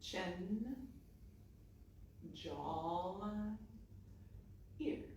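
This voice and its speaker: A woman yoga teacher calmly guiding a class through relaxation, naming one body part at a time. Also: medium pitch, vocal fry. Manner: slow, calm, one word at a time. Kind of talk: guided relaxation instruction. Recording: echoey room, far from the mic, faint noise.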